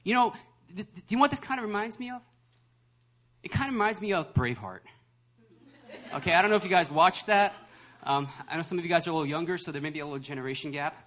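A young adult man, a pastor, preaching a lively sermon that acts out voices and laughs often. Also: sits high, quick pace. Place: church service hall.

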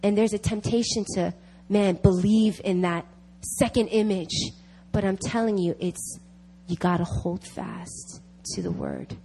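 A woman's voice: medium pitch, big pitch swings, measured pace, warm tone, a little hiss or hum. A woman giving an emphatic sermon at a prayer meeting, repeating key phrases to drive them home. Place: church meeting.

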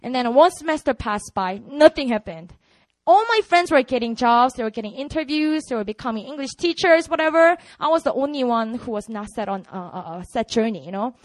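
High-voiced Korean woman sharing testimony. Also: a little fast, no room sound, low-quality recording. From South Korea. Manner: animated storytelling, frequent "you know" fillers. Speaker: ministry worker giving a testimony. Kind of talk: personal testimony to a church.

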